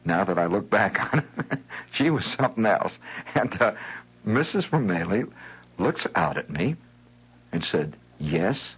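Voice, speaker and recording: A man telling a rambling, wry childhood story as a radio monologue, animated and chuckling, on a lo-fi 1970s broadcast. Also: on the low side, a little slow, pauses often, breathy edge.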